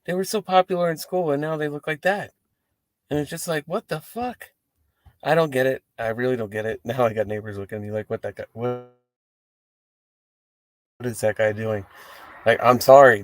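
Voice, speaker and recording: A fast-talking man hosts a wrestling post-show from his parked car, rambling and swearing to the camera with animated asides in a casual chat. His pitch is ordinary mid-range, and the audio is close and dry without any room echo.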